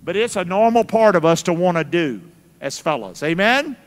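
A male pastor with a high-pitched, expressive voice at normal speed preaches in a church sanctuary, using call-and-response and folksy teasing with his congregation. Church hall reverb fills the recording.

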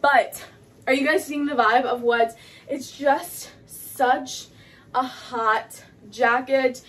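At home, a young woman vlogging a fashion haul chats excitedly into her phone camera in a high, light voice. She's bubbly and gushing, taking it slowly, trailing off and restarting breathlessly with lots of fillers.

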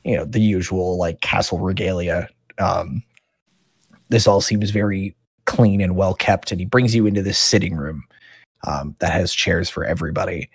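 Man, dungeon master, casual narration, husky, dry close sound. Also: low-pitched, normal speed, no room sound. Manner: casual, with many "um"s. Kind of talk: narrating a tabletop game.

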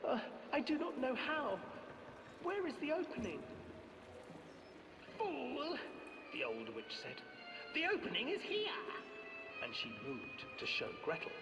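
Storybook witch, high and swooping, slow and theatrical, echoey distant sound with music. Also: wildly swooping pitch, exaggerated voice. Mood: wheedling. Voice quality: theatrical, lilting, drawn-out. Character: old witch of a dark fairy tale. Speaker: game narrator. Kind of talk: storybook narration with character voices.

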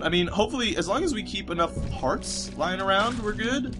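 A man's voice: high-pitched, animated, moderate pace, pushed and bright, faint music behind. A man giving casual gameplay commentary, rambling and self-mocking, cursing at the game and slipping into a put-on British accent at times. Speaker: let's play commentator.

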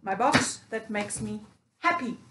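A woman hosting a casual unboxing vlog, talking with excitement, repeating her phrases and using uneven grammar. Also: medium pitch, unhurried, heavy background noise. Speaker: vlogger.

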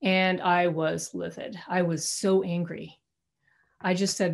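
Middle-aged woman talking over a video call from home, fairly low voice, candid, lots of restarts. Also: level tone, slow, creaky. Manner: candid and conversational, with frequent restarts. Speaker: guest speaker. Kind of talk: personal talk to an alumni audience. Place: her own home.

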